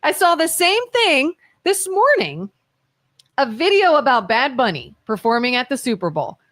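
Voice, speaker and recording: A woman co-hosting a local talk radio show, telling stories in a lively, chatty way and quoting people she talks about. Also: high voice, normal speed. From Ohio. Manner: animated storytelling, quotes others in voices. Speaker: co-host. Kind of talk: casual talk radio chat.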